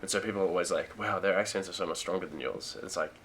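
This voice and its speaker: A young Australian man with a very low voice talks in a relaxed, rambling way, full of fillers and restarts. His tone is bright and forceful despite the depth. He speaks as a guest in a casual interview chat. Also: fast talker, slight background noise. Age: young adult. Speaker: guest, college football player.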